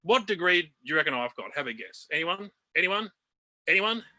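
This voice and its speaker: An Australian man doing a stand-up comedy set over a video call from home, chatty and self-deprecating, with quick asides to his audience. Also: high voice, very animated, pushed and bright. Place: home room.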